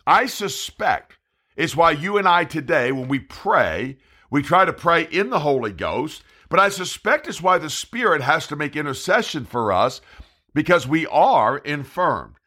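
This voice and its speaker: Male preacher, slightly high, animated voice, emphatic verse-by-verse sermon. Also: measured pace. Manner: preaching, reading scripture aloud with emphasis. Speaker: evangelist preacher. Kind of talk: Bible study sermon.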